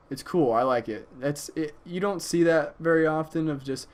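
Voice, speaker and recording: A man's voice: a little high, normal speed, few pauses. A man casually reviewing an album, enthusiastic and profane, with frequent hesitations and fillers. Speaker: music reviewer.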